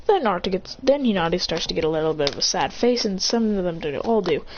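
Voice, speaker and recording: A woman's voice: lowish voice, animated, quick pace, muffled recording, slight background noise. A woman in casual storytelling, animatedly retelling a fan story and acting out lines and sound effects.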